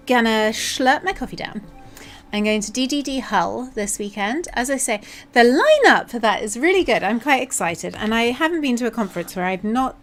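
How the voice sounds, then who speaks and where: A woman's voice: fairly high pitch, a bit bright. A woman with a southern English accent chatting casually while she codes on a livestream, playful and joking. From England. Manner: playful, chatty, slips into silly voices and jokes. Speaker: software developer streaming her coding.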